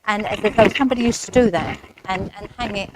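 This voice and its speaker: Woman medium, loud background noise. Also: mid-range voice, fairly even intonation, a little fast. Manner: chatty, speaks straight to the recipient, relays messages. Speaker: spiritualist medium. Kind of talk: mediumship demonstration at a service. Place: village hall.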